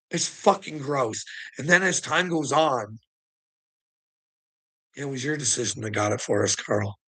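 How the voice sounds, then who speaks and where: A man's voice: medium pitch, unhurried, long pauses, sharp tone. A middle-aged man telling a heated, profane story in a casual vlog rant, laughing often between lines. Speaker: vlogger.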